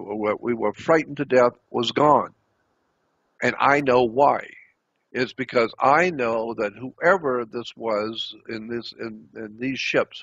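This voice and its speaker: A man host recounting a personal anecdote in a dramatic, repetitive way, halting often as he searches for words. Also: medium pitch, fairly bright tone, breathy edge, dry recording. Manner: dramatic, repetitive storytelling with frequent halts. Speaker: channel host. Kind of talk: personal anecdote, told aloud. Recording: dull lo-fi recording.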